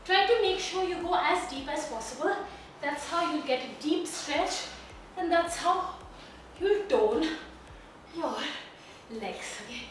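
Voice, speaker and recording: Breathless from exercising herself, an Indian English-accented fitness instructor coaches a home workout move by move. Her voice is very high-pitched and animated, slow-paced, with a little hiss or hum. She's captured from far away in a very echoey room at home.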